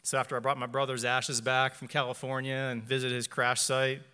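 A man in his forties, a church member, shares an earnest faith testimony with his congregation in measured phrases, repeating lines for emphasis. His medium-pitched voice is level, bright, forceful and clean, carrying a big-room sound.

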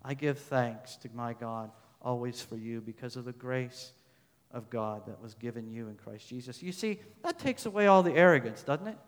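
A man's voice: mid-range voice, lively intonation, normal speed. A male pastor preaching a sermon, reading verses aloud and pressing his points with emphatic repetition. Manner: emphatic, rising to loud stresses then dropping soft; repeats phrases, reads scripture verses aloud. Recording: long hall reverb.

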